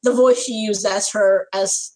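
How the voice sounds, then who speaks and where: A woman's voice: medium pitch, steady tone, unhurried, a little mellow, low-quality recording. A woman co-hosting a casual chat, sharing blunt opinions about a TV episode. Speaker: podcast co-host.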